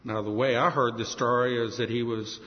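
A man's voice: medium pitch, steady tone, a little fast, big-room sound, muffled recording. A middle-aged man preaching a sermon, telling a story with feeling and acting out the voices in it. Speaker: pastor.

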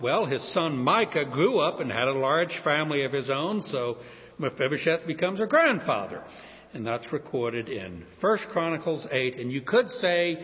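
A man in his fifties or older preaching a sermon, telling a Bible story with an animated delivery and slowing down to stress key words. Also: mid-range voice. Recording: dull audio in a reverberant hall.

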